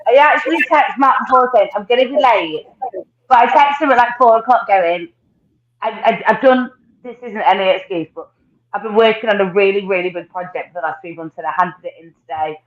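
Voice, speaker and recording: A woman's voice: mid-range voice, a little fast. A woman on a chatty panel stream, rambling and apologetic as she laughs until she cries. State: crying with laughter. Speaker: panel guest. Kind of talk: casual chat on a live stream. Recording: dull lo-fi call audio in an echoey room.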